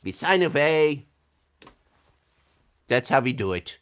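Fairly high and very animated, the man's voice moves slowly with a slight brightness. He's a voice actor in a casual video-call livestream, chatting playfully with fans, laughing frequently and reading their comments as he answers questions.

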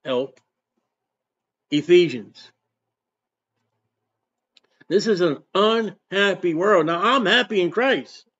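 A man preaching in an emphatic, repetitive way, swinging from loud bursts to quiet asides. His voice sits a bit high for a man. The recording is dull and lo-fi. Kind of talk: sermon.

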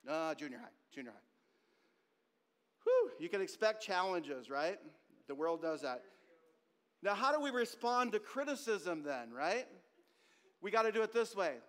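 A male pastor preaches in a high, animated voice. He speaks to the congregation in a chatty way and often turns to them directly. His words ring out with the long reverb of a church sanctuary. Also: unhurried. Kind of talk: sermon.

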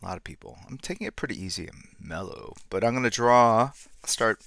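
A middle-aged man hosting a live art stream, chatting in a relaxed, rambling way and greeting viewers. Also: fairly low pitch, a little fast, gravelly, dry recording, studio quality. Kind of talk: casual live-stream chat. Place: home studio room.

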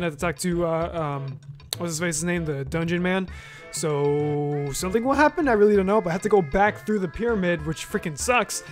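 A man with a high voice talks his way through a video game in relaxed let's-play style. He rambles to himself and drops mild swears. Soft game music plays faintly underneath. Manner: loose, chatty, with mild swearing and self-talk. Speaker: gaming video host. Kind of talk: casual let's-play commentary.

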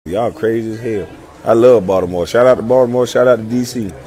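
A man's voice: fairly low pitch, fairly quick, mellow, soft background music. A man in his thirties, a former pro athlete, chatting casually in a playful way, full of slang, repeating himself and laughing as he talks. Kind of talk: casual chat.

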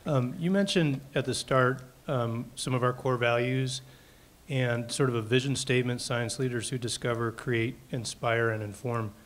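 A man, a faculty member, asking the dean a question from the audience in a measured, slightly halting way. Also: medium pitch, fairly even intonation.

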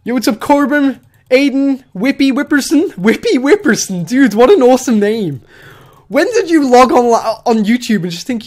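Excitable gamer, high lively voice. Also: female voice, normal speed. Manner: excitable, shrieking and laughing. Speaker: gaming YouTuber. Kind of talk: casual gameplay commentary.

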